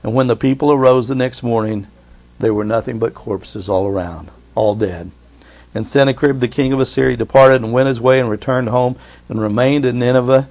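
Emphatic middle-aged pastor preaching. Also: male voice, medium pitch. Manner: emphatic preaching, asks the congregation for responses; reads scripture aloud with rising force. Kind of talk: sermon.

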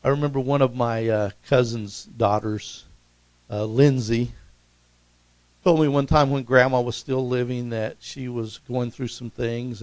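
A man preaching a sermon as pastor, swinging from emphatic, raised lines to soft, low asides, with calls to the congregation. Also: fairly even intonation, a little slow, no echo, poor audio. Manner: rises to emphatic peaks, then drops soft and low; preaching with congregational call-outs.

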